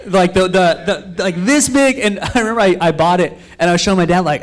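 Young man preaching with a high voice. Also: fast. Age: young adult. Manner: storytelling, animated quotes of himself and others; loose, rambling with frequent fillers and restarts. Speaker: pastor. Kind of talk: sermon.

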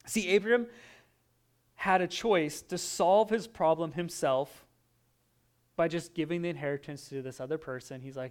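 A man preaching a sermon, telling a personal story with lively, animated delivery and acted-out quotes. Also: on the high side, normal speed, clear, resonant tone. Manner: animated storytelling, acting out his own voice in quotes. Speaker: pastor.

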